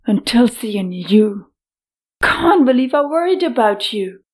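A woman's voice: fairly high pitch, expressive, takes it slowly, pitched above the performer's own voice. A woman voicing an angry, betrayed young heroine in an audiobook, speaking indignantly, at times through gritted teeth. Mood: seething. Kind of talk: audiobook character voice.

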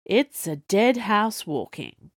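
A woman voicing a measured, curt middle-aged male professor in an audiobook. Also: mid-range voice, big pitch swings, no echo, clean studio sound, lightly acted.

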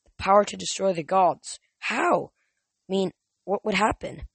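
A woman's voice: medium pitch, a little slow, slightly rough, no room sound. A reader voicing a brooding, tough teenage girl who mutters her lines.

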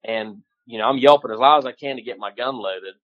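A man guest telling a lively hunting story, casual and profane, with lots of fillers. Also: medium pitch, fairly quick, lo-fi sound. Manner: animated, swears casually, many fillers. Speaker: guest hunter.

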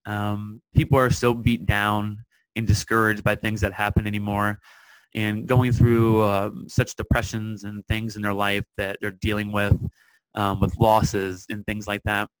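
A man hosting a solo podcast in an earnest, encouraging tone, speaking straight to his listeners and repeating key phrases to drive them home. His voice sits at an ordinary middle pitch. The sound is close and dry, with no room echo. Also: fairly bright tone. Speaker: podcast host.

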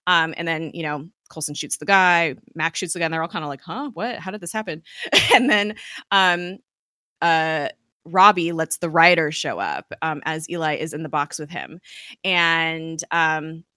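A woman talks through a TV episode in a loose, chatty recap, full of fillers and quick laughs. Her voice is a little low for a woman, with a bright, forceful edge. The sound is dry and close, with little room around it. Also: smooth, no room sound. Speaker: podcast host recapping a TV episode.

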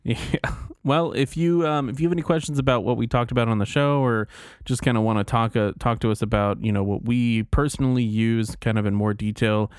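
A man's voice: mid-range voice, a little fast, a little mellow, smooth, dry recording, studio quality. A man co-hosting a casual podcast, easygoing and laid-back, wrapping up the show and pointing listeners to places to buy. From Texas. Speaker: podcast co-host. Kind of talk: casual chat.

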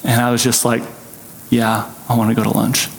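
A man's voice: mid-range voice, monotone, normal speed, creaky, a little hiss or hum. A man preaching a sermon, telling his own story with earnest, emotional intensity. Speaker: pastor. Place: church sanctuary. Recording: echoey hall with long reverb.

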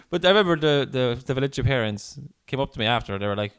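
A man's voice: medium pitch, expressive, quick pace, a bit bright, clean tone. An Irish man hosting a comedy podcast, telling stories in casual, sweary chat and slipping into acted quotes.

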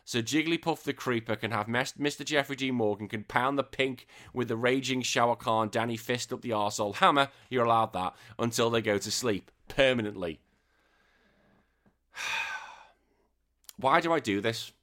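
A man's voice: medium pitch, normal speed, bright, forceful tone. A man hosting a casual podcast, reading comments in an exasperated, ranting, sweary way. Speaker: podcast host.

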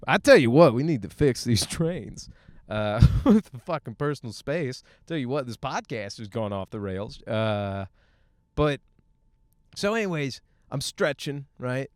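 A young man hosting a solo podcast, ranting in a profane, animated way and laughing through his stories. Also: medium pitch, a little slow, dry recording, studio quality. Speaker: podcast host.

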